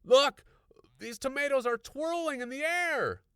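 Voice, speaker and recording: A man voicing a flustered, excitable middle-aged neighbor who yells in a strained high voice for an audiobook. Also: drawn-out words, smooth, no room sound, clean studio sound. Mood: frantic. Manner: shouting, frantic, high-pitched.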